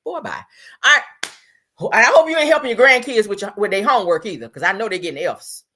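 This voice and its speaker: Woman, gossip stream host, sassy and mocking, bright voice, lively swooping pitch. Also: quick pace. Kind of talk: casual commentary.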